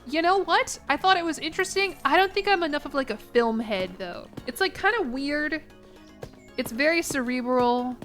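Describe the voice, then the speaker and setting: Bright-voiced woman streamer, congested. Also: high voice, expressive, normal speed, soft background music. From United States. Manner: rambling, chatty, frequent restarts. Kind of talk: casual gaming stream chat.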